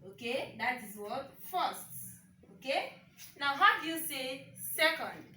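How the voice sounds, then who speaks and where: A woman teaching a French lesson online, speaking slowly and repeating words, often checking in with "okay?". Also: sits high, expressive, pushed and bright, echoey room, recorded from a distance, a little hiss or hum, rough recording. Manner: slow and repetitive, checks in with "okay?".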